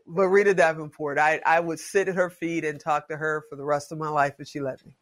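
A woman in her late fifties, a podcast guest talking in a casual interview as an expressive, folksy storyteller. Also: sits low, brisk. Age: 50s.

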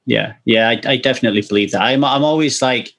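A man talking candidly in a relaxed conversation, earnest and casually swearing, often restarting his sentences. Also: medium pitch, quick pace, gravelly. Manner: acts out quoted speech animatedly.

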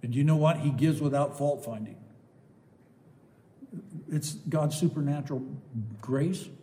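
Older man preaching, with a bright voice. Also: on the high side, a little slow, big-room sound, slight background noise. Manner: emphatic, swings between loud rising exclamations and soft asides. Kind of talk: sermon.

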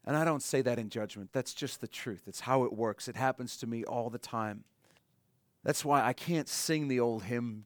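Earnest pastor preaching, dry close sound. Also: male voice, mid-range voice, dry recording. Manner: earnest, slows and softens on key points. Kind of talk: sermon.

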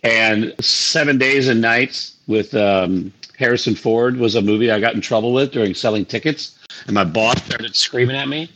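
A man co-hosting a movie podcast, telling an animated story in casual chat. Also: medium pitch, moderate pace, low-quality recording. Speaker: podcast co-host.

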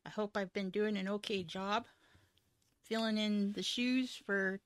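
A woman's voice: mid-range voice, fairly even intonation, unhurried, no echo, clean studio sound. A woman co-hosting a casual livestream chat, playful and laughing often. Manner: giggly and playful. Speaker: co-host.

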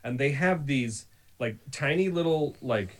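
Man, casual podcast chat, animated storyteller, laughs a lot, mid pitch. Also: measured pace.

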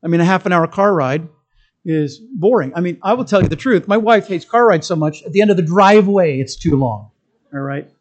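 With a high, expressive voice and a slightly fast pace, a male pastor gives a church sermon. He's emphatic and chatty, alternating strong stresses, quiet asides and humorous tales.

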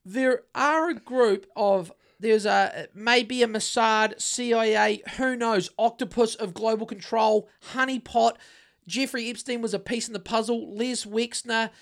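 A man's voice: extremely high pitch, fairly even intonation, unhurried, fairly bright tone. A man co-hosting a casual podcast, rambling and swearing through many restarts. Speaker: podcast co-host. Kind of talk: casual conspiracy podcast chat.

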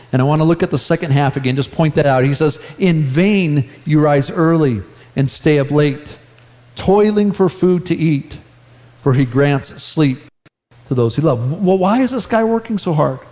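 A man preaching a sermon in a conversational, animated way, often acting out quoted lines. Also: on the high side, big-room sound. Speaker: pastor.

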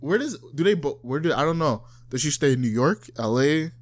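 A man's voice: a little high, fairly quick. A young man co-hosting a podcast, talking in a loose, joking and crude way. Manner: joking, crude, animated storyteller. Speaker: podcast co-host. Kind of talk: casual chat.

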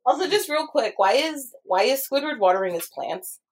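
A woman's voice: high voice, expressive, normal speed. A woman co-hosting a podcast, chatting casually and enthusiastically, giggling often. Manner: giggly, enthusiastic, acts out quotes. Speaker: podcast co-host. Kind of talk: casual chat.

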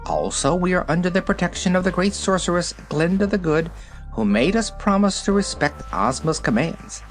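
A man voicing a pompous male white rabbit gatekeeper in a storybook, sharp and officious. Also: high-pitched, animated, normal speed, faint music behind, pitched above the performer's own voice.

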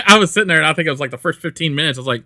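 A man's voice: fairly high pitch, expressive, racing, pushed and bright, no echo, studio quality. A man co-hosting a casual podcast chat, blunt and swearing freely. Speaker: podcast co-host.

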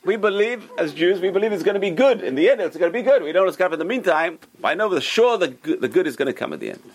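Gravelly rabbi teaching with emphatic repetition. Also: male voice, high-pitched, big pitch swings, rapid-fire, rough recording. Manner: emphatic, repeats key words. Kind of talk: teaching a Torah class.

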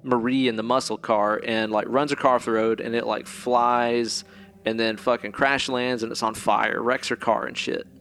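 A mid-pitched man recaps a movie in a loose, profane, rambling way. His casual podcast chat sits over a faint background hiss. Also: flat delivery, moderate pace, a bit bright. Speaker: podcast co-host.

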